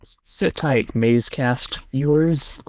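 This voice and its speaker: Man, podcast host, mid-pitched voice, dry sound, analytical, thinking aloud, online call. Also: slow, no echo. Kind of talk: casual discussion and reading aloud.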